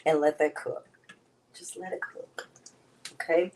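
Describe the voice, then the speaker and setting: A woman's voice: sits low, fairly even intonation, unhurried, a little mellow, low-quality recording. A woman, chatting to viewers as she hosts a casual cooking demonstration. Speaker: cooking show host.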